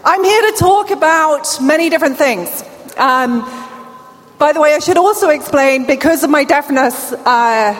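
A woman's voice: sits high, lively intonation, moderate pace. A British woman in her forties with a deaf speech accent, giving an upbeat, chatty conference keynote to a crowd. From England. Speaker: keynote speaker. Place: large conference hall. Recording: reverberant hall from a distance.

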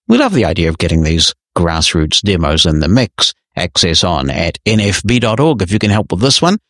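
A man with a fairly low voice hosts a podcast and works through listener emails. He answers in a measured, friendly, explanatory manner. The sound is dry and close, with no room echo. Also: fairly bright tone. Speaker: podcast host.

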